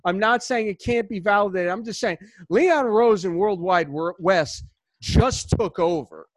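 Guy with a high voice riffing on sports, lots of restarts, dry close sound. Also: unhurried, no room sound. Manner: animated, rambling with restarts. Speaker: podcast host. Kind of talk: casual sports chat.

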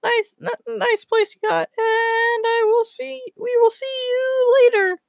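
A man's voice: extremely high pitch, level tone, slow pace, creaky, dry recording, clean studio sound, pitched above the performer's own voice, heavily acted. A man voicing a cocky, broke young male space squirrel who talks in a slangy, offhand way. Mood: breezy.

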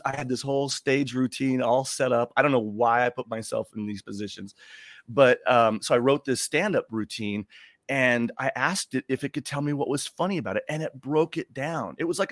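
A man guest who does stand-up comedy, chatting casually in a rambling, animated way. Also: mid-range voice, normal speed, dry recording, clean studio sound. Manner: rambling, animated storyteller, laughs often. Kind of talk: casual chat.

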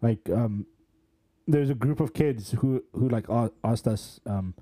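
A man's voice: medium pitch, unhurried, mellow. A young South African man with a South African accent, chatting casually and teasing as a podcast co-host. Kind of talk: casual chat.

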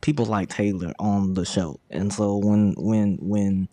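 A man's voice: on the low side, steady tone, unhurried, dark tone, slight background noise. A man hosting a podcast in casual chat, often stammering and repeating words. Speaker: podcast host.

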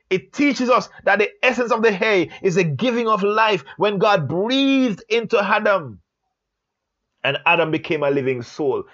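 Man, higher voice, earnest Bible teacher, slow and emphatic, slightly dull lo-fi sound. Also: fairly bright tone. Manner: slow, emphatic, repeats phrases for stress. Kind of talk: Bible letter study lesson.

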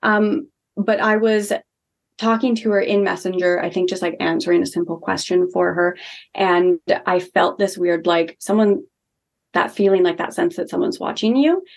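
A woman's voice: lowish voice, steady tone, moderate pace, gravelly. A young woman telling a personal story as a podcast guest, chatty and earnest, with lots of "like" fillers. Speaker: guest, holistic healing practitioner. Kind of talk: casual storytelling in a podcast interview.

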